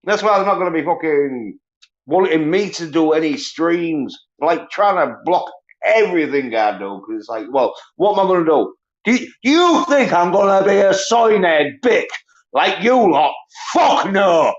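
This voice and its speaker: A man ranting profanely on a solo livestream, mocking others in high whiny voices. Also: sing-song, moderate pace. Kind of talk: angry solo livestream rant. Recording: dull lo-fi stream audio.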